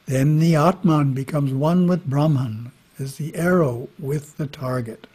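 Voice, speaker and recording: A man giving a spiritual talk, reading scripture in a measured way with brief casual asides. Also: a little high, mellow, husky. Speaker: monastery teacher. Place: monastery. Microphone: webinar microphone.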